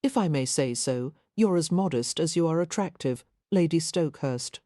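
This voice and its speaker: A woman doing a shy, courteous gentleman. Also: low-pitched, expressive, moderate pace, no echo, clean studio sound. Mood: polite. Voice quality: hesitant, courteous. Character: polite, tentative gentleman admirer.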